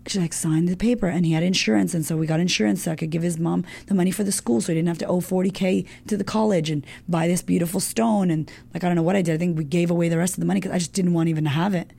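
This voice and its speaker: A woman's voice: lowish voice, fairly even intonation, very fast, vocal fry, few pauses, warm tone, husky. A woman guest in an interview, telling a personal story casually and candidly, swearing often and filling her talk with "like".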